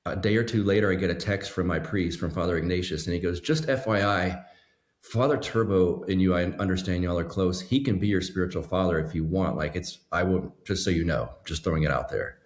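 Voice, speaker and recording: A man telling a story as a podcast guest, relaxed and anecdotal, quoting others as he goes. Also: deep voice, brisk, reverberant. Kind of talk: casual storytelling.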